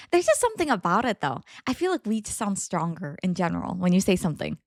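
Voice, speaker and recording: A woman co-hosting a casual story-discussion podcast with her partner, chatty and animated, laughing often. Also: medium pitch, a little fast, no room sound, clean studio sound. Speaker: co-host reading Reddit stories.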